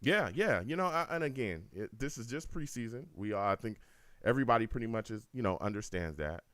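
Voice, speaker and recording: A man's voice: mid-range voice, fairly quick. A man hosting a live call-in sports talk stream, talking in an emphatic way. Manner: animated, emphatic. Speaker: host.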